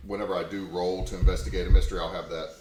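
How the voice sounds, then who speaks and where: A man's voice: deep voice, rapid-fire, a little hiss or hum. A man playing a tabletop game with friends, chatting casually and describing what his character does. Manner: lively, narrates his character's actions. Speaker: player. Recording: echoey room.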